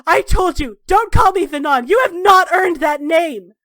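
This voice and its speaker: A woman voicing a volatile young elven mage man who shouts bitter accusations. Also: a little high, moderate pace, dry recording, studio quality, close to an everyday voice. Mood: furious.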